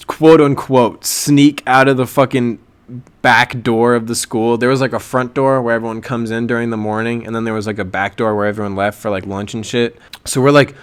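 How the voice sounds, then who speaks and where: A young man telling a story in a casual vlog, rambling loosely in heavy slang and laughing often. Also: medium pitch. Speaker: vlogger.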